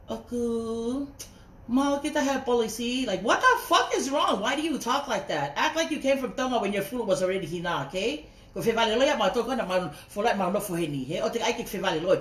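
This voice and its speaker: A woman ranting on a casual livestream, swearing heatedly and breaking off to greet viewers by name. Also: mid-range voice. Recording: roomy echo.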